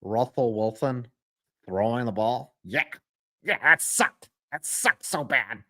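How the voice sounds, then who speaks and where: A young man hosting a live football reaction stream, ranting with lots of swearing and calling plays with sudden bursts of excitement. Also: mid-range voice, slow. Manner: profane, ranting, jumps into excited play calls.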